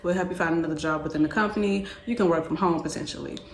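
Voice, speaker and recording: Young woman vlogger, casual rambling storyteller, slightly low voice, echoey room with faint background noise. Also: racing. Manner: chatty, repeats herself, backtracks.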